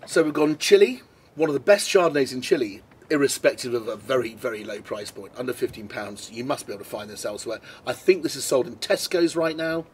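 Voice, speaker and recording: A man's voice: mid-range voice, brisk. A British man tastes wines on camera and talks through them in a chatty, eager way. His voice sits in the middle range. A faint noise runs under the recording. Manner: chatty and enthusiastic, tastes and comments as he goes. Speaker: wine presenter. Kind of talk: casual wine tasting video. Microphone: camera mic.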